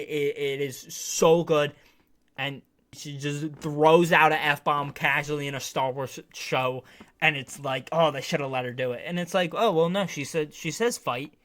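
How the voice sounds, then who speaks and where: A man's voice: on the high side, fairly bright tone. A man casually reviewing a TV series on his channel, enthusiastic and rambling, with lots of restarts and slang.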